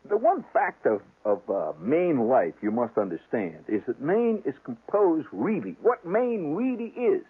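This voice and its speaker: A man telling a rambling, humorous fishing story on the radio, jumping up and down in pitch as he gets worked up. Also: breathy edge. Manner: rambling, animated, restarts, chuckles. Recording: tinny, phone-like old radio sound.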